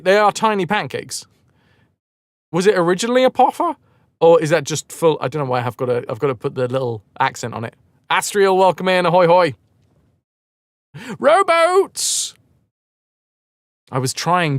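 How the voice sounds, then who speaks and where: A man's voice: on the high side, dry recording. A man live-streaming a game, chatting casually with viewers in a rambling, self-mocking way and swearing freely.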